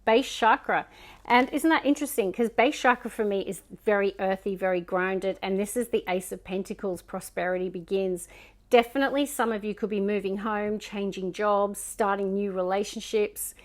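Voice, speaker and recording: A woman's voice: medium pitch, moderate pace. Chatty Scottish woman reading tarot. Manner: musing, chatty, drifts into soft murmurs between cards. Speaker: tarot reader. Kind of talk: casual tarot card reading.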